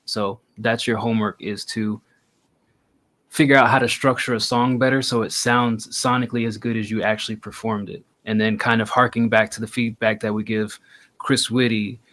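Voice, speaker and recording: A man's voice: fairly low pitch, little pitch movement, normal speed, fairly bright tone. A man co-hosting a music review show, giving blunt casual feedback with lots of fillers.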